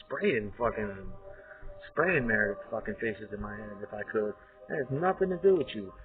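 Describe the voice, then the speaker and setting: A man's voice: lowish voice, lively intonation, normal speed, soft background music. A man in an aggressive, profane, rambling rant, talking straight at his listener. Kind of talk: ranting monologue. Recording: tinny phone-like audio.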